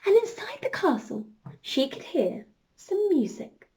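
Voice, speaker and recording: A woman leading an interactive children's storytime, gasping with excitement and calling on the kids to join in. Her voice is high and bright, and she takes her time over every line. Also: a little slow. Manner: animated, gasping, addresses children directly.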